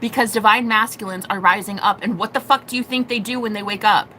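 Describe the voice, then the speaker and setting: A young woman giving a live tarot reading, animated and profane, acting out quoted voices. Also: medium pitch, fast, a little hiss or hum. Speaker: tarot reader.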